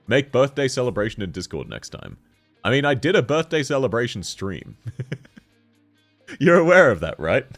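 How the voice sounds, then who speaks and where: Lively-voiced joking male game streamer. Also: medium pitch. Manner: joking, laughs often, reads chat aloud. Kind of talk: casual live-stream chat while gaming.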